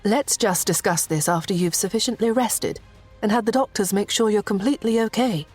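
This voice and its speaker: A woman voicing a gracious young princess who speaks politely and soothingly, pitched higher than her narration. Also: brisk, a little mellow, husky, faint music behind, natural voice.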